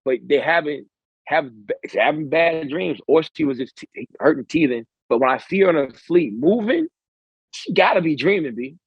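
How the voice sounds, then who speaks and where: A man with a husky, breathy edge tells stories in loose, swear-laden podcast chat. The sound is dry and close, with a dull lo-fi quality. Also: fairly high pitch, lively intonation, normal speed, no room sound. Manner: loose storytelling with frequent swearing. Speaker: podcast co-host. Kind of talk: casual chat.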